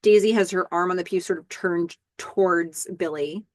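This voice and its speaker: A woman's voice: on the low side, normal speed, dry recording, clean studio sound. A woman hosting a casual recap podcast, chattily walking through scenes step by step with the odd filler. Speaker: podcast host.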